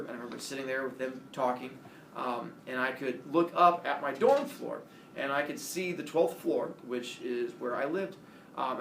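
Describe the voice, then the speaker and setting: This storyteller host, a man of medium pitch, relates a personal anecdote in a relaxed, lively way and imitates the voices of those he quotes. Slight background noise, distance from the microphone, room echo, and faint ambience are all audible.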